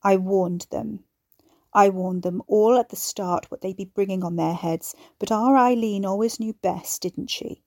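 A woman playing a raspy, cold, domineering mother. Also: medium pitch, normal speed, dark tone, no room sound, clean studio sound, close to an everyday voice. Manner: hard, cold, commanding.

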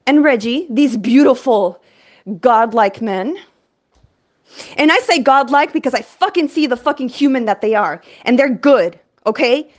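A woman host delivering an energetic, profane, rambling monologue. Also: high-pitched. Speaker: podcast host.

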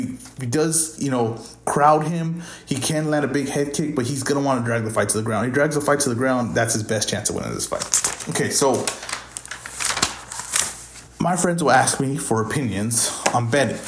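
Man talking fight picks in a roomy space. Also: medium pitch. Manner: offhand, thinking aloud, stumbles over fighter names. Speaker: podcast host. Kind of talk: casual fight predictions. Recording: roomy echo.

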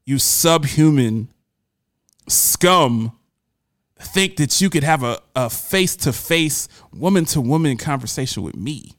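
A man mimicking a haughty, indignant woman, drawing out her scornful words slowly. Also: fairly high pitch, expressive, a bit bright, no room sound, clean studio sound, full character voice. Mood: contemptuous.

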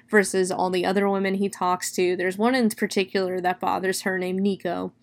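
A woman recaps a horror novel in a loose, chatty way, full of "like" and "you know." She lingers on the gory details with a mix of disgust and relish. Her voice sits at an ordinary middle pitch. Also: a little fast, few pauses. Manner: expressive, dwelling on gory detail. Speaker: book reviewer. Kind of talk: casual plot recap.

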